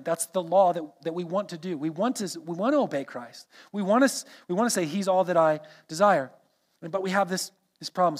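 Male preacher, high voice, earnest verse-by-verse sermon. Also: fairly bright tone. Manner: earnest, explains scripture verse by verse. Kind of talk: expository sermon.

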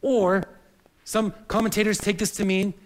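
A man's voice: sits high, little pitch movement, moderate pace, rough recording. A man preaching a sermon in an earnest, searching way, often repeating words as he reaches for the next phrase. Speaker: pastor.

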